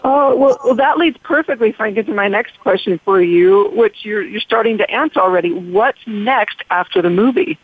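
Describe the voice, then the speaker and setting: A woman's voice: medium pitch, animated, moderate pace, hardly any pauses, husky, no room sound. A woman co-hosting a radio interview, asking questions in an upbeat way. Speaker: co-host. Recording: tinny phone line.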